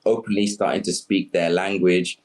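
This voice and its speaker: Podcast guest: man from Sierra Leone, low voice, reflective, thoughtful delivery. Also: level tone, moderate pace, a little mellow. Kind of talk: conversational podcast interview.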